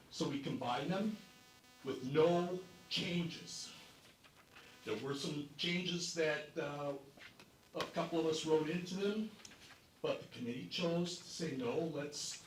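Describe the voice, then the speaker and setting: A man chairing a committee, walking a convention through a reformatted bylaws document in a measured, explanatory way. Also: on the high side. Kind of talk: convention floor presentation. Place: convention hall. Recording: echoey hall, distant mic, faint noise.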